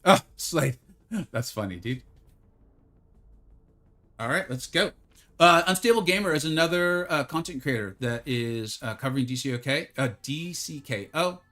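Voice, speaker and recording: A man streaming a mobile fighting game live, chatting casually with his viewers, joking at his own expense, and sometimes slipping into a mock infomercial pitch. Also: lively intonation, moderate pace, long pauses, sharp tone. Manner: chatty, self-deprecating, bursts into mock infomercial hype. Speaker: gaming streamer.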